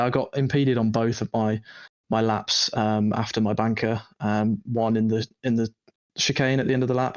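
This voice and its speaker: A man, a sim racing driver, calmly explaining his qualifying in a post-race interview. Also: lowish voice, highs cut off. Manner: matter-of-fact, measured explanation.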